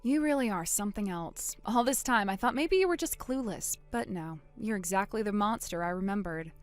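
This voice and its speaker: A woman voicing a wronged older sister in a dramatized text-message story, speaking quietly and deliberately. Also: medium pitch, expressive, faint music behind, lightly acted. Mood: cold.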